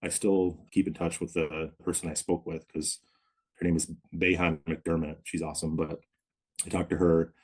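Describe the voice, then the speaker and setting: Deep flat-voiced man, husky. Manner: reflective, measured, many pauses and hedges. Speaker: podcast guest, pharmacist in recovery. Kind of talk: candid interview storytelling.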